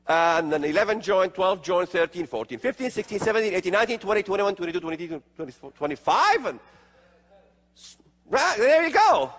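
A husky, high-pitched man lectures on prophecy in an emphatic, sweeping voice. He fires off rhetorical questions and sarcastic asides. The sound carries a long hall reverb. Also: a bit bright. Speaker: religious speaker.

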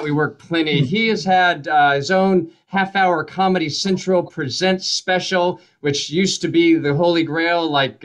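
A man hosts an online comedy show over a video call, his voice sitting a little high. He speaks casually and with a loose, hesitant delivery as he introduces the next act. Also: fairly bright tone, low-quality recording. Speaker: show host.

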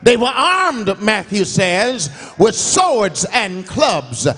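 A man preaching a revival sermon in a church, with an emphatic cadence that swings between shouted and sung phrases. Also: high-pitched, sing-song, drawn-out words, husky. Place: church sanctuary. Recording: long church hall reverb.

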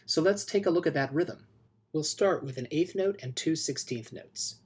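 A man teaching music theory in a scripted video lesson, explaining clearly and steadily and chanting rhythm syllables. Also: on the high side, animated, normal speed. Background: music playing.

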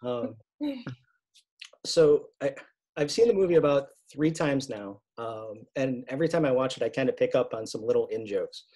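A man's voice: medium pitch, lively intonation, normal speed, dark tone, low-quality recording. A man with an upstate New York accent moderating a casual live Q&A over a video call, reading out viewer questions and laughing often. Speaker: festival Q&A moderator.

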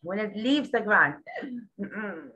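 A woman tutoring a young child one-on-one, patient and full of praise, repeating words slowly. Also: mid-range voice, animated, pushed and bright, low-quality recording. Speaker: English tutor.

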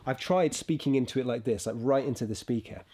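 A man's voice: medium pitch, quick pace, mellow, slightly rough. Chatty man recording on a laptop mic. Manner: chatty, explains step by step, often asks "okay?" and "right?". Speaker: video creator. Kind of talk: casual tutorial chat. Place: houseboat bedroom. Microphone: laptop built-in microphone.

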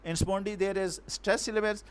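A man lecturing on poetic meter, halting often and correcting himself, speaking English with non-native grammar. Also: high-pitched, fairly even intonation, clean tone. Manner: halting, repeats and self-corrects words. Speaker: teacher.

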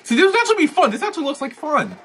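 A man hosting a reaction video, talking casually and excitably, swearing freely and exclaiming at what he sees. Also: extremely high pitch, very fast, faint music behind.

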